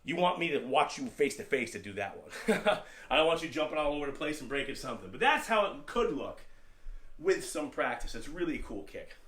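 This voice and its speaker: In a fairly high, bright voice that's very animated and fairly quick, a middle-aged instructor leads an online taekwondo session, encouraging and patient, repeating terms for students to say back.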